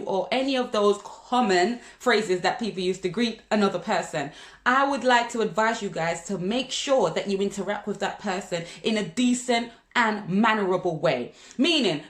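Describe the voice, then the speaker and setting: A woman's voice: medium pitch, expressive, fairly quick. A Jamaican woman vlogging casual, direct advice to viewers, calling them guys. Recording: echoey room.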